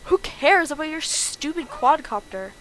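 A woman voicing a blunt, unimpressed young woman with flat, deadpan replies, reading game dialogue aloud. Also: sits high, measured pace, a little hiss or hum, poor audio. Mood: scornful. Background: game music.

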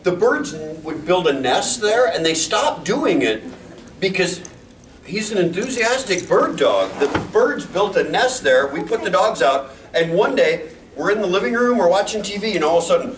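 A man hosting a convention panel, telling a funny dog story with loud sound effects and laughter. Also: sits high, very animated, moderate pace. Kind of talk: humorous anecdote on a panel. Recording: echoey hall, distant mic, room noise.

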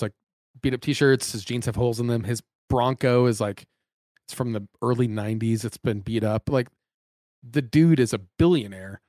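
A man's voice: medium pitch, darkish tone, dry recording. Easygoing male podcast host, dry sound. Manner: easygoing, friendly banter. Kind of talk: casual chat.

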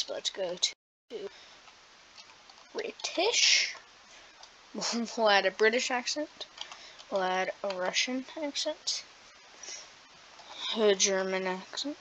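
A woman's voice: mid-range voice, sharp tone, slight background noise, low-quality recording. A woman hosting a casual gaming vlog, rambling and self-deprecating, laughing often as she talks. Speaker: gaming video host.

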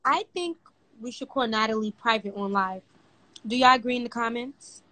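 A woman hosts a casual livestream interview, asking questions and turning to her viewers in a brisk way. Her voice sits fairly high. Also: fairly bright tone, dry recording, poor audio. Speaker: livestream host.

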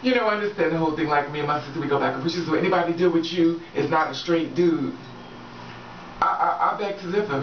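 A woman talking casually and frankly to her viewers, swearing freely and often laughing. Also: deep voice. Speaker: vlogger giving relationship advice. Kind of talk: casual straight-talking vlog. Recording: echoey room, distant dull mic, faint background noise.

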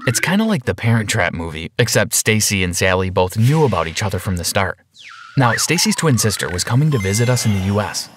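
Low, animated male storyteller. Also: brisk, slight background noise. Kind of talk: first-person animated story narration.

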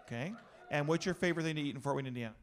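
A middle-aged male pastor giving an energetic, joking talk to a youth gathering. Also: fairly high pitch, very fast, a little hiss or hum.

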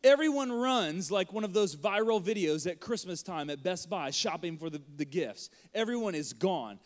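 Animated high-voiced male pastor preaching. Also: normal speed. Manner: animated, acts out crowd voices and jokes. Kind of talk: Easter sermon with storytelling. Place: church auditorium.

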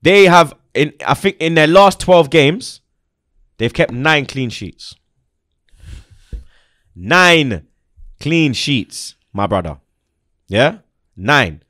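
A young man with a fairly high voice hosts a football fan show, ranting about football very slowly and with long pauses. His tone swings lively up and down, heavy on street slang and emphasis, and the recording is dry and close with no room sound.

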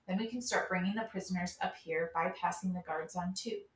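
An eager young male fighter plans an attack out loud, as a woman reads him aloud. The voice is mid-range and sits back from the mic. The room rings around it. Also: on the low side, a little fast, echoey room, distant mic, natural voice, rough recording.

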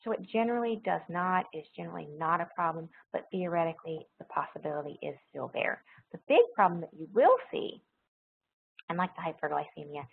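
A low, gravelly woman's voice delivers a pharmacology lecture, working through each point carefully and repeating what matters, with plenty of ums along the way. The sound is thin and tinny, like it came over a phone line, with a faint hiss under it. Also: expressive, a little fast. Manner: explanatory, repeats key points, frequent ums. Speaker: nursing pharmacology instructor. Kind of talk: recorded lecture.

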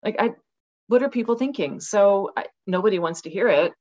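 A woman's voice: medium pitch, brisk, highs cut off. A woman guest author talking casually and animatedly in an interview over a video call from her rural home. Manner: animated, acts out voices with laughs.

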